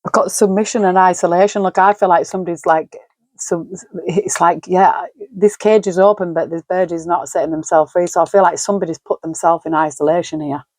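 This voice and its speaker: A woman's voice: fairly low pitch, fairly even intonation, fairly quick, darkish tone, dry recording. A woman in middle age giving a solo tarot reading at home, musing aloud, naming card words and sighing often. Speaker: tarot reader.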